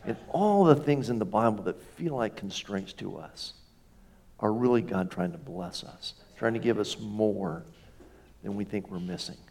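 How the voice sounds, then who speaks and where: A man's voice: lowish voice, expressive, a little slow, gravelly, a little mellow. A man preaching as a pastor in a conversational storytelling sermon, folksy, with self-deprecating humor and rhetorical questions.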